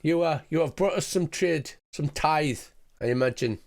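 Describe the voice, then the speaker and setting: A man's voice: on the high side, moderate pace, gravelly. A man voicing a vain, boastful male goblin chief who speaks of himself in the third person, in a tabletop game. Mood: welcoming.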